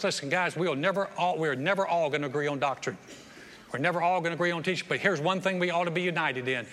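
A man preaching a lively sermon as pastor, repeating phrases and acting out other people's voices, on a stage microphone in a church auditorium. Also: a little high, fast. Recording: long hall reverb, faint room noise.

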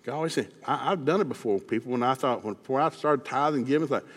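A man from East Tennessee with a Southern accent, preaching a sermon in a folksy, animated storytelling way, acting out Bible characters with shouted lines. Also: medium pitch, very fast, few pauses, breathy edge. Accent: Southern American. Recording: long hall reverb.

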